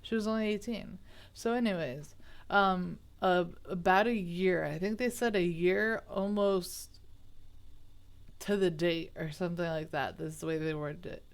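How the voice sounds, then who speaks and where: A woman retells a true crime story in a chatty, rambling style, full of asides, self-corrections and indignant remarks, sounding baffled and outraged. Her voice is fairly low and her pace measured.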